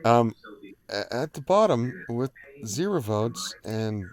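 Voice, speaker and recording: A man's voice: mid-range voice, animated, slow pace. A man hosting a live online panel in casual chat, rambling with fillers and easy laughs. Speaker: livestream host.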